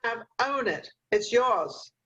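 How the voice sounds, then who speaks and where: A woman's voice: a little high, animated, slow pace, a bit bright, breathy edge, rough recording. An older woman hosting a talk show over a video call, giving rambling, motherly advice with lots of fillers. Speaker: host.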